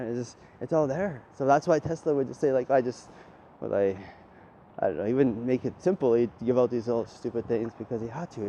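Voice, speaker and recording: A man's voice: medium pitch, darkish tone, a little hiss or hum. A man talking in a loose, rambling monologue, swearing freely and tagging his lines with "right?". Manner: rambling, profane, tags lines with "right?", laughs often.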